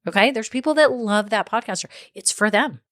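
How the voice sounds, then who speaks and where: A woman hosts a podcast alone, offering business advice in a chatty way and often checking in with "okay?" and "right?". Her mid-range voice is brisk and a bit bright, captured as a dry, studio-quality recording.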